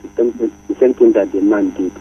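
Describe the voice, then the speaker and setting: Man calling in, lowish voice, far away and muffled phone sound. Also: steady tone, fairly quick, breathy edge. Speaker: radio caller. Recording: distant muffled phone line.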